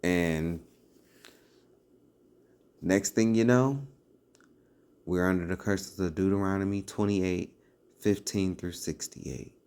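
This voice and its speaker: Slow gravelly man preaching. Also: low-pitched, darkish tone. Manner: slow, emphatic, rhetorical questions. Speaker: online religious commentator. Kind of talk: preachy casual commentary.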